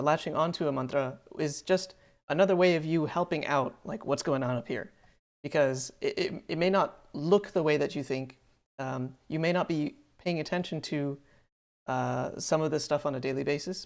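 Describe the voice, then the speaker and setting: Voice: mid-range voice, vocal fry. A podcast co-host talking casually, rambling through thoughts with lots of "like" and "um". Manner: rambling, many fillers and restarts.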